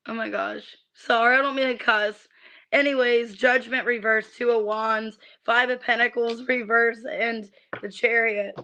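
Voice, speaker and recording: A woman's voice: fairly high pitch, fairly even intonation, takes it slowly, bright, forceful tone, highs cut off. A woman reading tarot cards on a livestream, ranting in irritation, swearing and stammering on restarts. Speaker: tarot reader.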